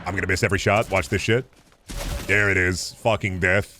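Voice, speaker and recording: A man with a deep voice streaming a game, chatting casually and swearing through quick asides, close to a studio microphone. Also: fairly even intonation, sharp tone, a little hiss or hum. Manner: chatty, profane, quick asides while playing. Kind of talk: casual gaming stream chat.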